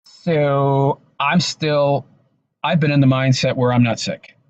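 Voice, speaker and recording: An exhausted man recording a personal vlog monologue, talking in a halting, subdued way with many restarts. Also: medium pitch, fairly even intonation, dull audio. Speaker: vlogger. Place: in his car.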